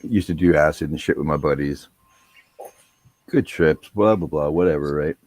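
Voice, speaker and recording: A man's voice: very deep voice, normal speed, darkish tone, no echo. A man telling a rambling, profane story in a laid-back casual chat.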